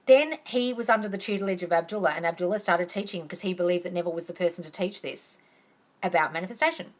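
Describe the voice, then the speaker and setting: A woman's voice: fairly low pitch, quick pace. Chatty woman telling a story on a livestream. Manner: chatty, animated storyteller who acts out quotes. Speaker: manifesting coach. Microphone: phone livestream.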